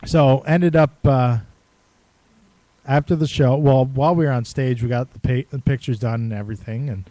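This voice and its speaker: A man's voice: mid-range voice, fairly even intonation, normal speed, warm tone, no echo. A man co-hosting a podcast, telling a long casual story with swearing and quoted lines. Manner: rambling, swears and laughs, acts out quotes. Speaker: podcast co-host.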